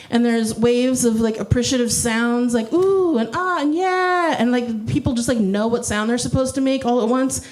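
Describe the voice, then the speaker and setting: Wry woman comic, fairly high voice. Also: darkish tone, low-quality recording. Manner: wry, self-deprecating, mock slam-poetry delivery. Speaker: stand-up comedian. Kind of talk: stand-up comedy.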